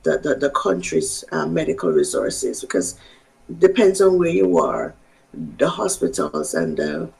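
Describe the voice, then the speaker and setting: A woman physician from Jamaica, giving health advice in a measured, halting way. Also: low-pitched, sing-song, vocal fry, a little mellow, low-quality recording. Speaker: physician guest.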